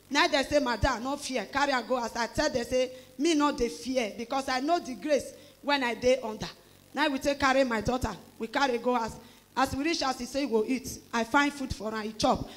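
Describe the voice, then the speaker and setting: A middle-aged woman with a Nigerian Pidgin English accent gives an emotional church testimony, telling her story with animated exclamations and acting out the voices of others. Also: sits high. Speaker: church member giving testimony.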